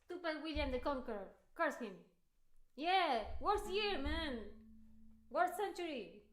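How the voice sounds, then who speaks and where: A woman's voice: high voice, expressive, unhurried. A woman musician chatting casually on a livestream between practice takes, rambling into joking rants. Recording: roomy echo.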